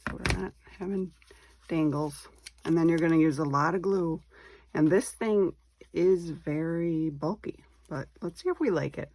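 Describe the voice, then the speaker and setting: A woman with a low voice walks through a craft project at an unhurried pace. She chats as she works and thinks aloud. She is relaxed about her own slip-ups. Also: vocal fry. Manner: chatty, thinking aloud while working, self-deprecating. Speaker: craft tutorial host. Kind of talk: casual step-by-step craft demonstration.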